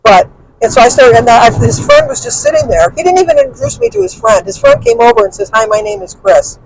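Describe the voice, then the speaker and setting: A woman's voice: very high voice, huge pitch swings, fast, creaky, a little hiss or hum, low-quality recording. An older woman vlogging from her car as she drives, venting bluntly and angrily and swearing freely. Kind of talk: venting personal story to camera. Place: in a car while driving.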